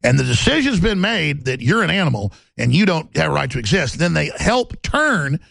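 A man's voice: on the high side, very animated, moderate pace, creaky, fairly bright tone, no echo. A man hosting a talk show, delivering an intense, heated, rambling monologue.

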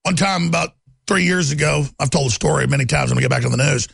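A man's voice: fairly high pitch, fast, creaky, fairly bright tone, breathy edge, no room sound. A man hosting a talk show, delivering a heated political monologue in a contemptuous, ranting way with stammered repeats.

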